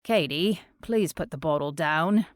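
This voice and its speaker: A woman voicing a young man in an audiobook, speaking low, quiet and firm. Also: a little slow, no room sound, studio quality. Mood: pleading. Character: young man, a gentle musician, firm when pushed.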